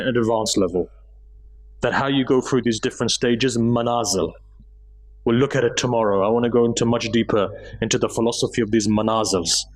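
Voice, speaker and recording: A man delivers a mosque sermon in a mid-pitched voice. He tells devotional stories with feeling and lifts his voice as the story turns sad. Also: rough recording. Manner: emotive storytelling, rising pitch in emotional passages. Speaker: speaker at a mosque gathering. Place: mosque hall.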